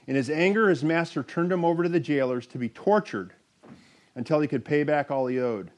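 Animated preacher man, higher voice. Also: a little fast. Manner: animated storytelling, reading scripture aloud. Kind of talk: sermon.

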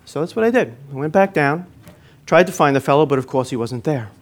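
A man preaching a sermon, telling a personal story in an earnest way, with phrases that swell and then fall quiet at the end. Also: fairly high pitch, expressive, a little fast.

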